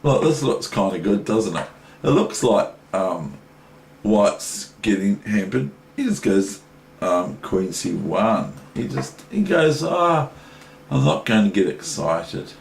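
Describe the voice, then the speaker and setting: Nz guy doing a chess lesson, low voice, rambly and chatty, roomy echo, bit of hiss. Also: sing-song, takes it slowly, vocal fry, darkish tone. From New Zealand. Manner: chatty, rambling, with many asides and restarts. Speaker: chess teacher. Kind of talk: casual chess lesson analysing a game. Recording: echoey room with faint noise.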